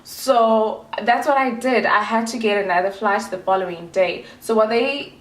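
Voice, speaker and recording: A woman's voice: on the high side, moderate pace, reverberant, poor audio. A woman from South Africa in her twenties, chatting casually and rambling to her vlog audience with playful asides. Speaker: vlogger. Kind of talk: casual chat to camera.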